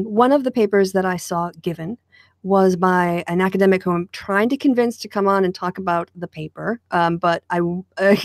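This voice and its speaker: A woman's voice: medium pitch, a little mellow, no room sound. A woman co-hosting a casual online talk show, who laughs often and talks with many fillers. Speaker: podcast co-host. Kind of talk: casual chat.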